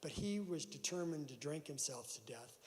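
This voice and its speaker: A man's voice: fairly high pitch, lively intonation, normal speed, a little mellow. A man telling a personal story at a recovery meeting in a church hall, acting out the voices of the people in it. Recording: long hall reverb.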